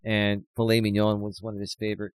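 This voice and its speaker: A man's voice: lowish voice, completely flat delivery, quick pace, clean tone, no room sound. A man co-hosting a podcast, chatting casually and agreeing emphatically. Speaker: podcast co-host. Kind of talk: casual chat.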